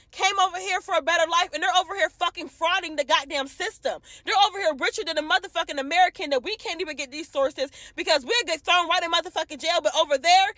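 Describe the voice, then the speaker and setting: Woman, furious profane rant to camera, high-pitched voice. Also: sharp tone, no echo. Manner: heated, profane, repetitive. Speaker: commentator ranting to camera.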